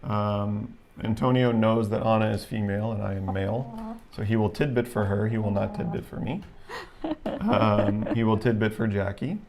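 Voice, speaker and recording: A man's voice: fairly low pitch, animated, moderate pace, background noise. A man co-hosting a casual livestream chat, explaining things at length with frequent fillers. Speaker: livestream co-host.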